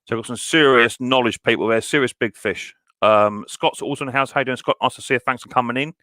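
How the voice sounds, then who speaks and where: A man hosts a live stream and reads through the chat. He greets each viewer by name as mate or buddy boy, in a loose style full of fillers. His voice sits at an ordinary middle pitch, and the sound is dry with no room echo. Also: quick pace, bright, forceful tone. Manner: casual, many fillers, calls people mate and buddy boy. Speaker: mower channel host.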